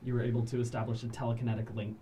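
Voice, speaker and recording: A man's voice: mid-range voice, monotone, racing, mellow, far from the mic, a little hiss or hum. A man narrating a tabletop game as game master, in a loose, hesitant way with frequent laughter.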